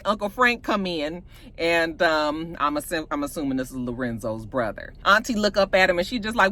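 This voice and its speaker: A woman casually recapping a TV episode, animated and profane, acting out the scenes as she goes. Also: lowish voice, normal speed. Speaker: TV show reviewer.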